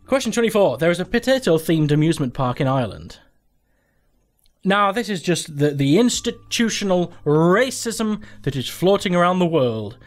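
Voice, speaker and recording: A man's voice: sits high, sing-song, normal speed. A young man hosting a gaming channel, commenting casually and sweary as he plays a quiz game, thinking aloud in disbelief.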